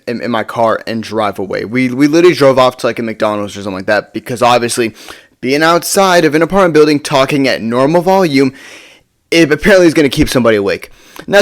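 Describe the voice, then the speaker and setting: Rambling man telling a storytime vlog. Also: mid-range voice. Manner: rambling, with frequent stammered restarts and casual swearing. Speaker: storytime vlogger. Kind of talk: casual storytelling.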